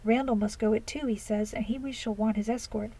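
A woman's voice: on the high side, steady tone, brisk, warm tone, breathy edge. Woman doing a dramatic young society lady. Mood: amused. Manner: exclaiming, theatrical dismay.

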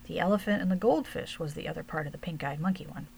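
A woman's voice: low-pitched, fast talker, vocal fry, darkish tone, a little hiss or hum. A woman voicing a small, blunt little girl in a storybook reading, giving short replies.

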